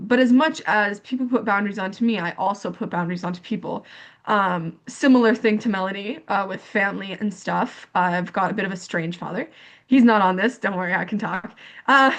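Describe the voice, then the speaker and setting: A young woman speaks candidly on a discussion panel about her own experiences. Her talk is full of fillers, restarts and repetitions, and she acts out remembered conversations, lifting her voice when she quotes others. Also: moderate pace. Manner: animated storytelling, acts out quoted dialogue in higher pitch. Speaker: panelist sharing lived experience. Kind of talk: candid personal account on a panel.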